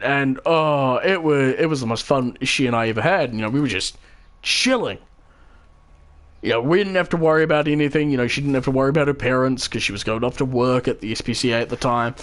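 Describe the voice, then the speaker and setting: A man's voice: medium pitch, fairly bright tone. A man with a New Zealand accent rambling casually to his vlog audience, full of filler and restarts. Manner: meandering, full of "you know" and restarts; swoops into silly voices when telling stories. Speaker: vlogger.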